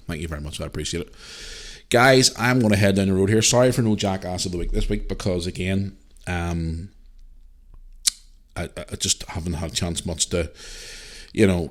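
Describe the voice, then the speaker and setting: This is a man with a low, deep voice talking through a solo podcast episode. He rambles casually as he answers listener emails, repeating himself, restarting sentences and swearing bluntly. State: parent, a single dad. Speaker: podcast host.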